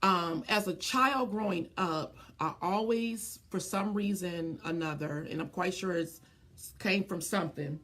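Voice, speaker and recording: A woman's voice: lowish voice, unhurried, fairly bright tone. A woman business coach in a live stream, speaking earnestly from the heart to viewers, often stopping to greet them by name, with many ums and restarts.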